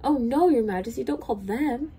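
A woman's voice: sits low, animated, a little fast, vocal fry, warm tone. A woman reading aloud, voicing a timid, dutiful page boy who pleads anxiously. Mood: pleading.

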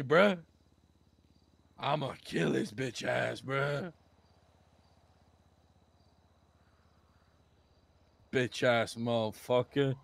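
A man's voice: on the high side, vocal fry, a bit bright, no echo, full character voice. A man voicing a hot-headed young male crew boss in a game role-play, ranting and swearing. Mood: furious. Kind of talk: GTA role-play voice chat.

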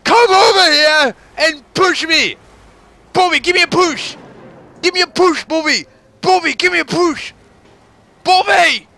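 A man putting on a frantic, desperate voice, shouting and dragging out his pleas to a friend. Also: very high-pitched, measured pace, pauses often, pitched above the performer's own voice, heavily acted. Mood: frantic pleading. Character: frantic shrieking person pleading for Bobby.

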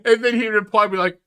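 A man's voice: extremely high pitch, bright, forceful tone, smooth. A man hosting a reaction video, giving sarcastic, incredulous commentary full of swearing and stumbling restarts. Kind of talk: mocking commentary on a clip.

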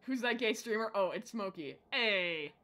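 A woman with a rather high, very lively voice streams a horror game live. She is excitable, shrieking at scares and joking with her viewers in between. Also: normal speed.

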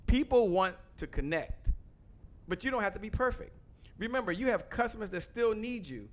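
A man hosting an online show, loudly and quickly pitching his offer to the camera and repeating phrases for emphasis, from a home studio. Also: lively intonation. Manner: loud, fast-talking, emphatic, repeats phrases. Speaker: host. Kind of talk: energetic sales pitch to camera. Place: home studio with a photo wall backdrop.

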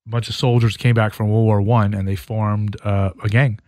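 A man's voice: on the low side, level tone, normal speed, a little mellow, dry recording. A man hosting a casual chat from a studio, telling stories, laughing easily and asking the guest questions. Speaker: host.

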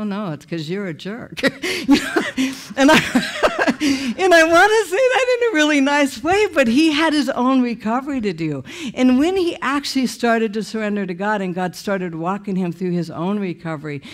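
A middle-aged woman giving a testimony sermon with animated storytelling. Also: medium pitch. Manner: animated storytelling, laughing through the telling. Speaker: speaker sharing her testimony.

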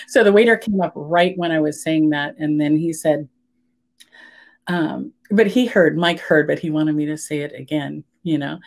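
A woman's voice: low-pitched, a little slow, a little mellow. An older woman, a podcast guest, telling a story animatedly and acting out her own past words. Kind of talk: casual storytelling in an interview.

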